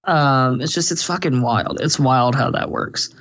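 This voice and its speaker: A young man rants his way through a podcast segment in a rambling, cursing, halting style full of fillers. His voice sits at a middling pitch, and the recording is dull and lo-fi. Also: fairly bright tone. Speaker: podcast co-host. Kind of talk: casual podcast rant.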